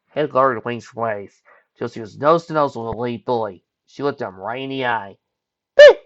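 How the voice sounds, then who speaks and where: A man's voice: medium pitch, a bit bright, highs cut off. A man reading a pony fan story aloud, voicing each character's lines in turn. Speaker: fanfiction reader. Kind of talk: storybook narration.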